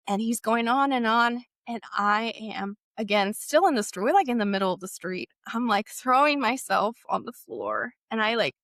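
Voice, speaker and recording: A young woman tells a painful story from her past, her voice sitting a little high. She speaks haltingly and with feeling, often pausing on fillers as she searches for words. The sound is dry, with no room around it. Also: a bit bright, no echo. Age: young adult. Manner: halting, emotional retelling with frequent fillers. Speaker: guest sharing a personal story. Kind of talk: personal storytelling.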